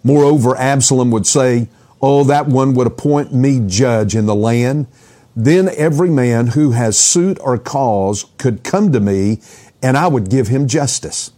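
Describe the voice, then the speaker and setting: A man's voice: mid-range voice, measured pace, warm tone. A man preaching an expository sermon, earnest, asking the listeners questions and often repeating words as he goes.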